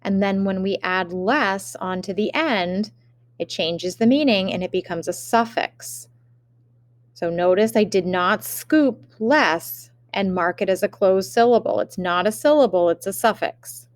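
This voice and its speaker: A woman teacher giving a remote spelling lesson, dictating words slowly and carefully with example sentences. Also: medium pitch, dry recording, clean studio sound.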